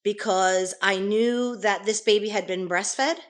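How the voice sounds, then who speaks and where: A middle-aged woman speaks as an interview guest, retelling events in careful, earnest detail. Her voice sits at an ordinary middle pitch, and she often stops and restarts her sentences as she works through the story. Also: fairly even intonation, measured pace. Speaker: nurse guest.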